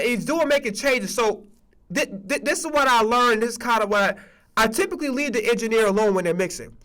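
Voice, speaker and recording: A man's voice: high voice, a bit bright. A man telling a story in a profane, frustrated casual rant full of restarts. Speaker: streamer telling a studio story.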